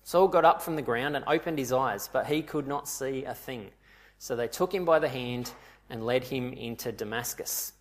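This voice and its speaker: A man's voice: mid-range voice, normal speed. A man preaching a sermon, retelling scripture vividly and asking his listeners rhetorical questions.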